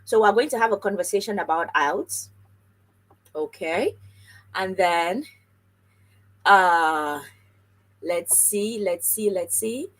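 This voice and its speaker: Chatty breathy woman hosting a live stream. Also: mid-range voice, slow pace, pauses often, low-quality recording. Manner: chatty, animated, talks straight to viewers and reads comments aloud. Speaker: livestream host on scholarships. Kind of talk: casual live-stream chat.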